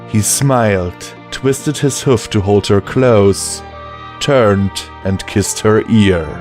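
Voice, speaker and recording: A man narrating a fan fiction audiobook in the first person, emotional and measured. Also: lowish voice, darkish tone. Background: faint music.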